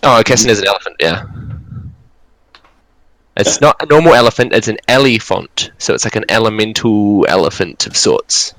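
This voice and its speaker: A man narrating a tabletop fantasy game as dungeon master, relaxed and rambling with fillers. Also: fairly low pitch, moderate pace, no echo, poor audio.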